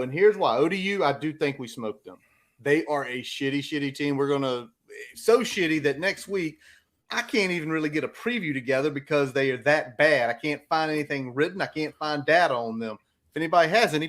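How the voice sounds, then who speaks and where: A man's voice: fairly high pitch, animated, a little fast, a bit bright. A man hosting a casual sports podcast, brash and emphatic with his opinions. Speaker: podcast host.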